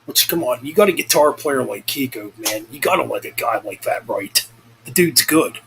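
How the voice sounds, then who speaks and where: In this casual vlog chat, a young man with a medium-pitched, creaky, slightly bright voice talks at a moderate pace with lively intonation. He rambles, curses often, and keeps correcting himself, all on a rough recording with some hiss or hum.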